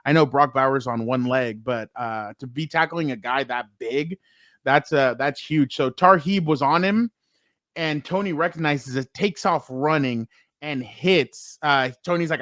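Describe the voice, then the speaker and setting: A man with a fairly high voice co-hosting a sports talk show. He tells excited locker-room stories and quotes players as he goes. The recording is dry and close, with no room sound. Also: normal speed, no echo. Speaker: sports podcast co-host and reporter.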